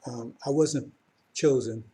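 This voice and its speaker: A man in middle age giving a live religious talk to his followers. His voice is warm and mellow, and his delivery rambles, with restarts and asides. When he presses his message, it turns fervent and insistent. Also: mid-range voice, slow. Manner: rambling, self-correcting, rising to fervent emphasis. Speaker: religious teacher.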